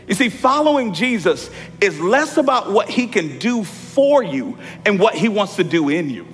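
A man in his thirties preaching a lively sermon as pastor, often calling the congregation y'all. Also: sits high, normal speed, few pauses, soft background music. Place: church sanctuary. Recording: hall reverb from church sanctuary.

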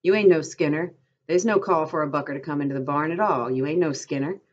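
A man's voice: on the high side, fast talker, close to an everyday voice. A woman reading a novel aloud to a class, voicing a proud, aloof crippled stable hand who speaks sharply and territorially, on a dull lo-fi recording. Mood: sharp, hostile.

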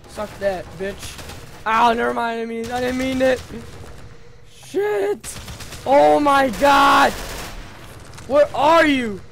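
A young man hosting a gaming channel, reacting loudly as he plays, swearing constantly and gasping and yelping at scares, speaking into a home desk mic. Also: extremely high pitch, slight background noise. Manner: excitable, swears constantly, yelps and gasps at scares. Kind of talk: live let's-play commentary. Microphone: home desk mic that glitches.

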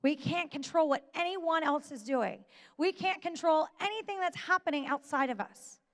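A woman speaks in a high register, giving a motivational talk from a stage. Her delivery is deliberate and emphatic, with pauses that let key points land. A long reverb trails behind every phrase, as in a large hall. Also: a bit bright.

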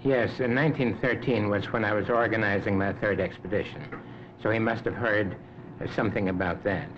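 A man in his seventies from Canada, answering interview questions in a measured, unhurried way with frequent hesitations. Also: fairly low pitch, fairly even intonation. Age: 70s. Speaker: interview guest, Arctic explorer. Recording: dull lo-fi 1950s recording with clear hiss.

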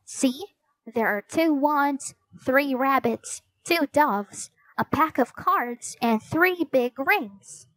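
A woman voicing an excitable young girl who talks in a bright, eager way. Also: high-pitched, slow pace, no echo, voice pushed up, heavily acted. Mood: excited.

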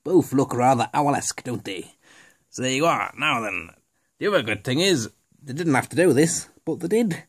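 Man, mid-pitched, casual rambling unboxing patter, jokey asides to the viewer. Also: animated, normal speed, slightly rough. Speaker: toy reviewer.

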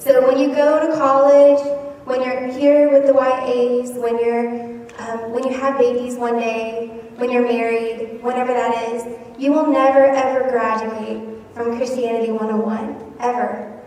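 A woman's voice: on the high side, level tone, a little slow, darkish tone. Youth pastor lady, teary heartfelt farewell, echoey church hall, mic far away. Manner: earnest, emotional, laughs between lines.

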